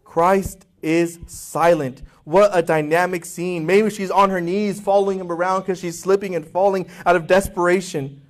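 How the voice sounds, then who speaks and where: A man's voice: high voice, steady tone, brisk. A male pastor preaching a sermon with passion, acting out voices in quotes and asking his congregation questions.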